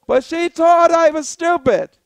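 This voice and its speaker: A Bahamian woman hosting a political talk show, giving an impassioned monologue in a preacherly way that rises to shouted appeals. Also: very high-pitched, unhurried, no room sound. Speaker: political commentator, show host.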